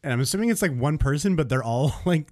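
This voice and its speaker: A man's voice: fairly high pitch, animated, fast talker, a little mellow. A man hosting a podcast, chatting casually and rambling with fillers and laughter. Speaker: podcast host. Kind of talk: casual chat.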